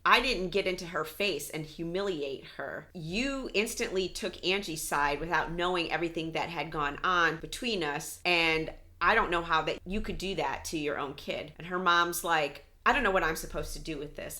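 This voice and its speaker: Bright-voiced woman recapping with gusto. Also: fairly low pitch. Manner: animated retelling, acts out quotes, laughs often. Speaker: podcast co-host recapping a reality show. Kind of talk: casual recap chat.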